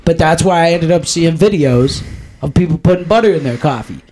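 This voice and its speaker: A man's voice: on the high side, expressive, fairly quick, a little mellow, a little hiss or hum. A man co-hosting a podcast, rambling in casual chat, blunt and profane. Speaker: podcast co-host.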